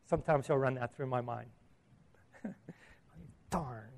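A man's voice: mid-range voice, slow, a little mellow. A man preaching a sermon in a conversational way, asking the audience questions and chuckling at his own asides.

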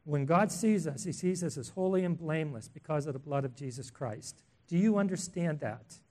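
Guy preaching a sermon, bit higher voice, earnest and emphatic, lots of questions. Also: animated, moderate pace. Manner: earnest, emphatic, with rhetorical questions and swells in loudness.

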